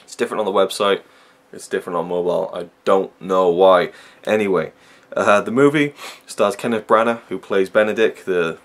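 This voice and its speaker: A man's voice: fairly low pitch, brisk, few pauses. A man giving a casual, rambling film review, full of fillers and restarts.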